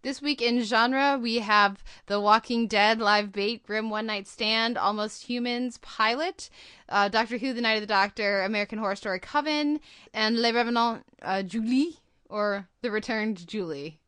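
A woman's voice: a little high, normal speed, bright, forceful tone, clear, resonant tone, no echo, clean studio sound. A woman hosting a podcast, chatting casually about TV episodes, rambling with fillers and restarts. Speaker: podcast host.

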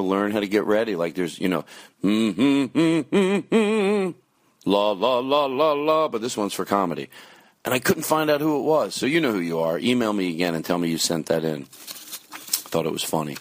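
A man's voice: low-pitched, no echo, clean studio sound. A man hosting his podcast, rambling through plugs and announcements in a loose, self-mocking way. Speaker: podcast host. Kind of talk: casual podcast intro.

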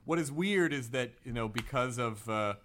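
A man's voice: mid-range voice, lively intonation, crowd noise. A man hosting a casual podcast chat, reading listener emails aloud and joking about them. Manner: fast, jokey, reads letters aloud with put-on voices. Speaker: podcast host.

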